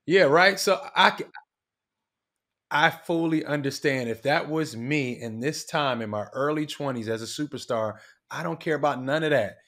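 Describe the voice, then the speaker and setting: A man co-hosting a casual talk show, speaking frankly and in a relaxed way. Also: on the high side, moderate pace. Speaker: co-host.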